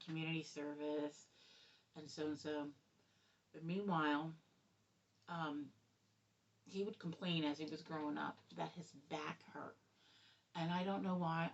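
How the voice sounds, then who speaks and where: A middle-aged woman telling her son's story in a rambling, halting way, with many restarts. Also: low-pitched. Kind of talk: personal storytelling. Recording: distant, dull lo-fi sound.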